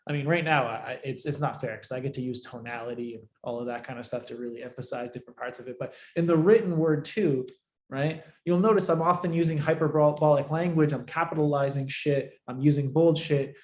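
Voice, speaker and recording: A man coaching students in a live online training, blunt and profane, swinging between loud and soft for emphasis. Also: mid-range voice, a little fast. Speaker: marketing coach. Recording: echoey room.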